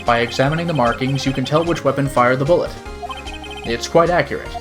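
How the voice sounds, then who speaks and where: A man reading the lines of an earnest young male defense attorney in a game, explaining steadily and deliberately. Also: mid-range voice, music in the background, close to an everyday voice. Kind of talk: reading game dialogue aloud.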